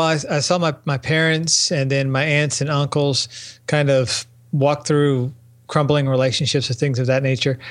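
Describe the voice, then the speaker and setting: Reflective male interview guest. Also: on the high side. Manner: reflective, stop-start. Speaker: podcast guest, life coach. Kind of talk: casual interview talk.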